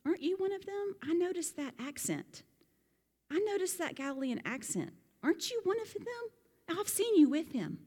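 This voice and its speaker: A woman preacher acting out a bystander who accuses a man of following someone, in a shrill, prying voice. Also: big pitch swings, normal speed, dark tone, in a large hall. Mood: accusing. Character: suspicious bystanders pressing a man at night.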